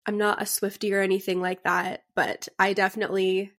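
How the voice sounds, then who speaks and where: A woman's voice: mid-range voice, flat delivery, brisk, a bit bright. Giggly, chatty young woman. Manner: chatty, giggly, lots of fillers. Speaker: podcast co-host. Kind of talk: casual chat.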